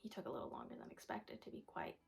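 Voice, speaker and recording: A young woman vlogger telling a personal story in a soft, rambling way, often dropping to a whisper. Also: fast talker. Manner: rambling, full of "like" and "da, da, da".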